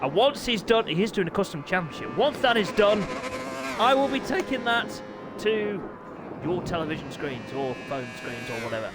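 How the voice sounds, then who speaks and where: A middle-aged man, hosting and commentating a motorbike racing game live, excitable and quick to break into shouts and laughter. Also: sits high, music in the background. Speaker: gaming channel host and race commentator.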